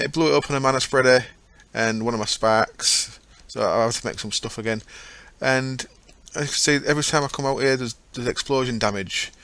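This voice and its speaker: A gaming channel host with a fairly bright, mid-range voice offers casual, rambling talk over his own gameplay. He chats freely and often goes back to correct himself.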